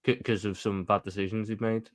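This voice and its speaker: A man's voice: on the low side, flat delivery, brisk. A man on a casual football panel, blunt and swearing, firing off questions.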